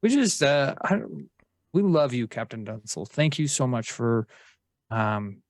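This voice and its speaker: A man's voice: medium pitch, big pitch swings, a little slow, dry recording. A man with a mid-range voice talks eagerly in a casual podcast chat, stumbling and restarting his words as he goes. The sound is dry and close to the mic. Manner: enthusiastic, stammering restarts. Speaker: podcast co-host.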